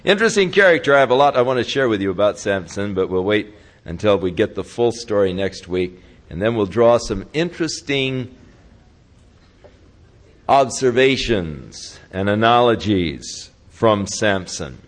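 A man's voice: lowish voice, sing-song, moderate pace. Folksy male pastor retelling a story. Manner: casual, folksy retelling with chuckles. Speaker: pastor teaching a weekly Bible study. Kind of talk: sermon storytelling.

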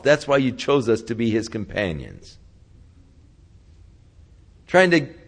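A male preacher voicing a group of angry young men who scorn and threaten a bride. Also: medium pitch.

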